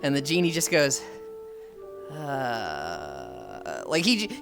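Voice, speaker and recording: Animated young woman streamer, lively swinging voice. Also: low-pitched, drawn-out words, creaky, long pauses, over music. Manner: animated, swears, acts out quotes. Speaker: livestreamer. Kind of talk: casual chat.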